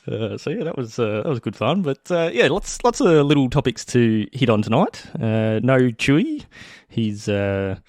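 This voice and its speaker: A man's voice: medium pitch, sing-song, moderate pace, a little mellow, no room sound, clean studio sound. A man hosting a podcast in casual chat, laughing often as he talks. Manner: laughs often while talking. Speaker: podcast host.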